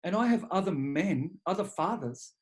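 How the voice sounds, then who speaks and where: A man's voice: high-pitched, normal speed. A man, a leadership coach speaking as an interview guest, telling candid personal stories in a blunt, profane way. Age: 40s. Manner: blunt and profane, animated when quoting himself. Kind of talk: candid conversational storytelling.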